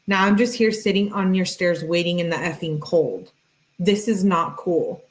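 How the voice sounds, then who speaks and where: A true crime streamer with a fairly low female voice reads text messages aloud at normal speed. She interrupts with sarcastic remarks and thanks viewers in the chat.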